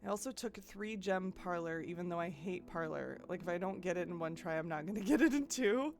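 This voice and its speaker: A woman's voice: fairly low pitch, animated, a little fast, darkish tone, a little hiss or hum. A woman streaming a puzzle game live, thinking aloud and chatting with her viewers, with frequent restarts. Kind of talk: live gameplay commentary.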